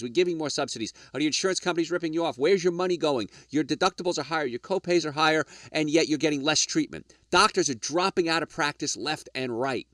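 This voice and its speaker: A man's voice: medium pitch, a bit bright, no echo, studio quality. A middle-aged or older man hosting a health radio show, lecturing emphatically with rhetorical questions and asides to "folks".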